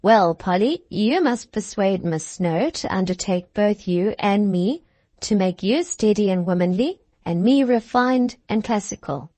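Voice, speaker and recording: A woman's voice: mid-range voice, lively intonation, measured pace, warm tone, no room sound. A woman reading the lines of a genial older father who teases his daughter fondly, in an indulgent manner. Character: fond, genial older Scots father, gently teasing.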